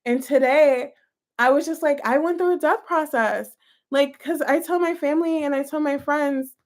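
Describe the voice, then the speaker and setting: A woman's voice: sits high, moderate pace. A woman giving a casual tarot reading to camera, chatty and gushing, talking straight to her viewers. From United States. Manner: gushing, chatty, full of "like" and "you guys". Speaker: tarot reader.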